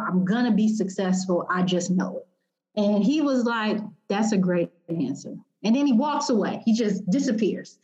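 A woman's voice: mid-range voice, muffled recording. A young woman telling an emotional personal story as an interview guest, acting out what she and others said. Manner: animated, emotional, quotes herself and others.

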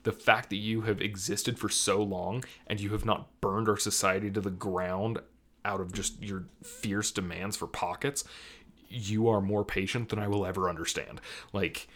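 A young man co-hosting a casual podcast, rambling and animated, full of fillers and restarts. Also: lowish voice, moderate pace. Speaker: podcast co-host.

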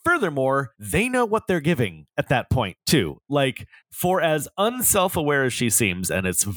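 A man's voice: medium pitch, wildly swooping pitch, moderate pace, fairly bright tone, no echo, rough recording. A man co-hosting a podcast, telling wordy stories in casual chat and swearing freely. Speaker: podcast co-host.

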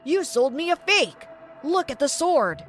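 A woman reading the lines of an angry pawn shop owner who loudly accuses and makes demands, in a story narration. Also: sits high, sing-song, measured pace, faint music behind. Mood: accusing.

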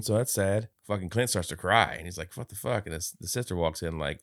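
Low-voiced man recapping a movie. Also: brisk, few pauses, dry recording, studio quality. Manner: retells scenes acting out lines, swears freely. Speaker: podcast co-host. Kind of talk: casual movie review chat.

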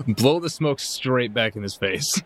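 A man's voice: mid-range voice, lively intonation, a little slow, fairly bright tone. A man taking part as a player in a tabletop game, laid-back and joking.

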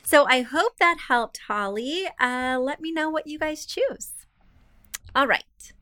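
A woman with a fairly high voice hosts a casual design podcast. She reads listener emails and answers them in a chatty way, with self-deprecating asides. The sound is dry and close. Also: takes it slowly, bright, forceful tone, no room sound. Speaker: podcast host, interior designer.

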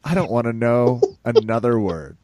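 A man co-hosts a podcast, telling a story animatedly and laughing between phrases. His voice is mid-pitched. It is recorded close, with a dry sound. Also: moderate pace, darkish tone, dry recording. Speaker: podcast co-host. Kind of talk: casual chat.

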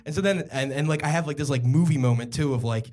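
A man's voice: a little high, fast talker, a little mellow. A young man from Philadelphia telling a true story on stage at a live comedy podcast, rambling and self-mocking with plenty of fillers.

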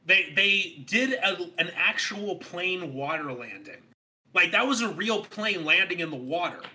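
A man's voice: high-pitched, lively intonation, a little slow, sharp tone. A young man co-hosting a casual film review podcast, telling the story animatedly and with emphasis. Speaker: podcast co-host.

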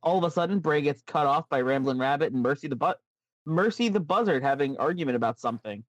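A man's voice: fairly high pitch, animated, quick pace, dry recording, highs cut off. A man co-hosting a casual podcast, telling a made-up show story in a chatty way. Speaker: podcast co-host. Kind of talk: casual chat, recapping a made-up wrestling show.

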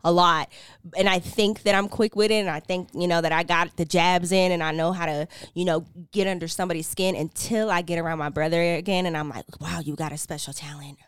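A woman's voice: fairly low pitch, fairly even intonation, a little fast, clean tone, dry recording, clean studio sound. A woman in her thirties co-hosting a podcast, talking frankly and animatedly and laughing easily. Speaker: podcast co-host. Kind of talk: casual chat.

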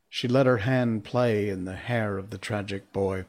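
A man reading a storybook aloud as narrator, measured and expressive. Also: fairly low pitch.

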